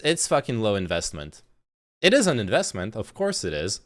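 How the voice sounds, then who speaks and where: A man's voice: on the low side, fairly bright tone. A man reacting on a livestream, talking casually and profanely with lots of stammered restarts, recorded on a phone. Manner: rambling, profane, stammering restarts, frequent laughs. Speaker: streamer. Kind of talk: casual reaction stream commentary.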